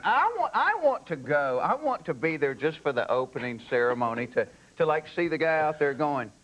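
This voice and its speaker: A man's voice: fairly high pitch, very animated, normal speed, a bit bright, rough recording. A man from Atlanta with a Southern Georgia accent, a comedian chatting as a late-night guest in a folksy, joking way. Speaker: comedian, talk show guest. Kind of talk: late-night interview chat. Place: TV studio.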